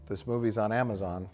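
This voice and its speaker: A man's voice: lowish voice, darkish tone. A man co-hosting a casual movie review podcast, talking animatedly and laughing often. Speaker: podcast co-host.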